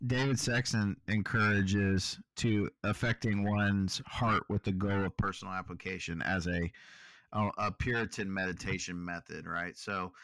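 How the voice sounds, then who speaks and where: A man's voice: sits low, steady tone, normal speed, a bit bright, no echo. A man co-hosting a podcast, talking through Bible study in an easygoing, reflective way. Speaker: podcast co-host. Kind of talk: casual Bible study chat.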